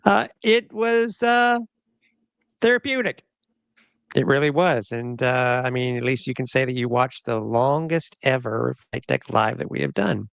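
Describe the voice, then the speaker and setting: Middle-aged guy hosting a podcast, gravelly, dry close mic, jokey and rambly. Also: mid-range voice, no room sound. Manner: joking, rambling, laughs often. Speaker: podcast host. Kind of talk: casual podcast chat.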